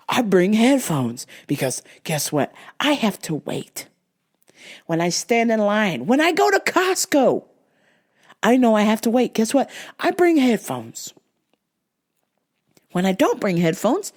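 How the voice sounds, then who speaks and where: A woman hosting a podcast, ranting bluntly and profanely with frequent laughs, her nose stuffed up and her voice fading. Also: a little high. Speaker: podcast host. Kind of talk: casual profane podcast rant.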